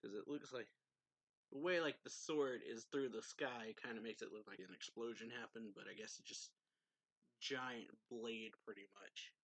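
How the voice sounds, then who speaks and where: A man casually recapping a manga chapter as a reviewer, rambling with many fillers and quick laughs. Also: mid-range voice, a bit bright, dry recording. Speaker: anime reviewer.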